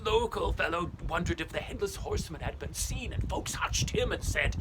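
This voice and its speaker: Man as an old lovelorn schoolmaster, theatrical storytelling, hushed asides, fairly high voice. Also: lively intonation, moderate pace, few pauses. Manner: theatrical, drops to hushed whispers. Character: old love-lorn male schoolmaster Ichabod Crane. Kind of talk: first-person storytelling in character. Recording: noisy background hiss.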